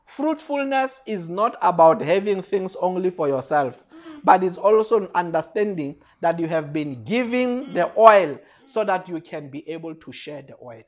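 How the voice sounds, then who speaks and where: Preacher, sermon, repeated refrains, soft lines rising to shouts, mid-pitched voice. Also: lively intonation, moderate pace.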